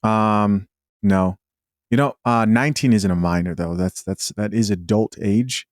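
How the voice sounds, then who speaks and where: A man's voice: fairly low pitch, unhurried, no echo, studio quality. A man hosting a reaction show, thinking aloud in a hesitant, wry way. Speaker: host. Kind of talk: reaction commentary.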